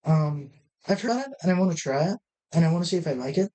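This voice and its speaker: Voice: mid-range voice, expressive, fast, dark tone, rough recording. A let's-play host giving casual gameplay commentary, rambling and thinking aloud with many restarts while talking straight to the viewers.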